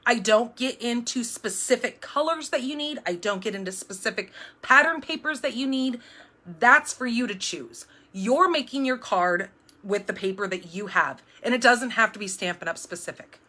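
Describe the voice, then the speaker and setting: Bright, chatty middle-aged woman. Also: a little high. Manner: rambling and upbeat, with frequent fillers and restarts; jumpy, self-described. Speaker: card-making demonstrator hosting a live stream. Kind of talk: chatty live-stream craft talk.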